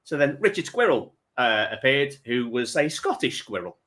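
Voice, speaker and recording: A man's voice: medium pitch, sing-song, normal speed, a bit bright. A man hosting a charity livestream, telling a long prank story with chuckles and rambling asides. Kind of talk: casual chat, telling an anecdote.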